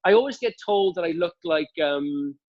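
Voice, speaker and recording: A man's voice: on the high side, expressive, moderate pace, muffled recording. A Welsh man, a guest TV presenter, chatting casually with many fillers and restarts. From Wales. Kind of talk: casual chat. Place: at home during lockdown.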